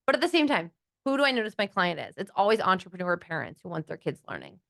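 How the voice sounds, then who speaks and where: A young adult woman, a guest in a casual interview, talking quickly and animatedly with many fillers and playful acted-out quotes. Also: lowish voice, big pitch swings, gravelly, fairly bright tone, dry recording, studio quality. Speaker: guest, financial literacy educator.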